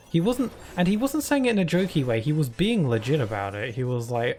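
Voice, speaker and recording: Rambling man, soft music behind. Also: mid-range voice, big pitch swings, a little fast, hardly any pauses. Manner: rambling anecdotes with many fillers. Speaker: streamer. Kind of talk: casual live-stream chat.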